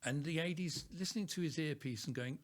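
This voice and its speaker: A soft-spoken man, a guest on a podcast, telling a story about working as an actor. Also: fairly high pitch, brisk. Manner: soft-spoken, acts out voices in his story. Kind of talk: casual storytelling.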